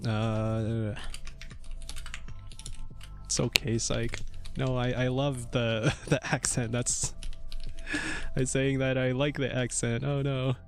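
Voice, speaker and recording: A man's voice: mid-range voice, flat delivery, slow, pauses often. A young man with an everyday mid-range voice talks aloud as he codes on stream, drifting between topics and chuckling often. Faint music plays behind him along with the clatter of a keyboard. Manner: rambling and chuckly, many fillers, thinks aloud. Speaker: VTuber streamer coding a game. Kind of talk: casual livestream chat while coding. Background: faint music and keyboard typing.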